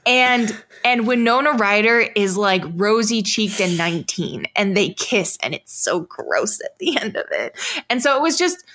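A woman co-hosting a casual film review chat, animated and laughing, full of likes and ums. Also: mid-range voice, unhurried. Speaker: podcast co-host.

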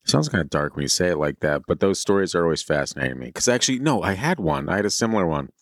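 A man's voice: deep voice, lively intonation, very fast, no room sound, studio quality. A man co-hosting a podcast in casual chat, joking and rambling through a story with lots of fillers while chewing candy. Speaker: podcast co-host.

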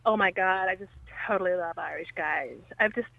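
A woman's voice: on the low side, fairly quick, vocal fry, sharp tone, dry recording, voice pushed down, poor audio. An Irish woman voicing a flirty, gushing American woman to fool people in a pub.

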